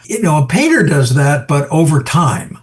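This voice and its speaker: An older American photographer in an interview, talking reflectively and acting out little scenes in a lively voice. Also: male voice, normal speed. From United States. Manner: animated storyteller, acts out quoted voices with big pitch jumps. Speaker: photographer guest.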